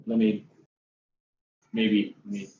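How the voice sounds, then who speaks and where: A man's voice: monotone, slow, a little hiss or hum. A man from Northern Virginia hosting a casual stream, joking as he brews and cooks. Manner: joking, puts on silly high voices. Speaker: stream host brewing and cooking. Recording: roomy, dull home mic.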